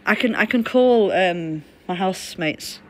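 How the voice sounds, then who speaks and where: A woman's voice: medium pitch, animated, unhurried, darkish tone. A woman live-streaming while shaken and trembling after a fall, talking in rambling, repeated, restarting bits with some swearing, from the floor of her home. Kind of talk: unscripted live-stream talk.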